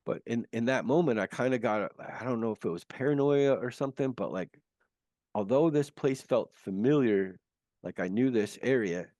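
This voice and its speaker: A man with a lowish voice recounts something profound that happened to him. He talks earnestly, stumbling and restarting as he searches for words. The sound is dry and close, like a video call. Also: a little mellow, no echo. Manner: earnest, halting, many restarts. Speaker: guest. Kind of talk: recounting a near-death experience.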